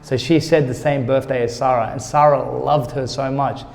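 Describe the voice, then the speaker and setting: A man of middle pitch, once a boxer, tells his story candidly and with feeling, and acts out what others said in lively quoted dialogue. His voice carries a long reverb, as if spoken in a large hall. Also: moderate pace, gravelly. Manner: emotional, retells conversations in quoted dialogue. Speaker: interview guest, former boxer.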